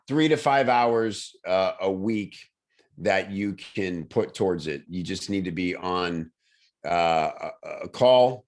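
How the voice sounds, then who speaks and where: A man hosting a casual video-call chat, talking enthusiastically with lots of fillers and restarts. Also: sits low. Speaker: host.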